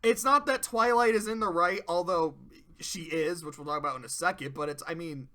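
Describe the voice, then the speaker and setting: A young adult reviewer giving casual spoken commentary, profane and excitable, ranting with sudden loud bursts. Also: mid-range voice, fairly quick. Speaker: video reviewer.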